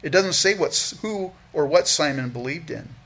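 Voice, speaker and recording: A man's voice: on the high side, lively intonation, moderate pace, fairly bright tone. A man preaching as a pastor, earnestly teaching through a Bible passage verse by verse, often repeating words as he restarts a thought.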